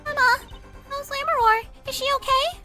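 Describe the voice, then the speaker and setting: A woman's voice: very high voice, normal speed, bright, forceful tone, faint music behind. A woman playing a bubbly teenage girl magician. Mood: anxious. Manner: bubbly, blunt, playful. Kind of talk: fan voice acting of a game.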